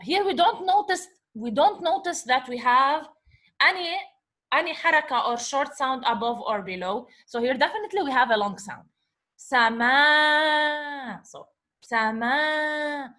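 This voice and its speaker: A woman's voice: sits high, expressive, normal speed, sharp tone. A woman teacher giving a patient lecture, often checking in with "okay?". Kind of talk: classroom lecture.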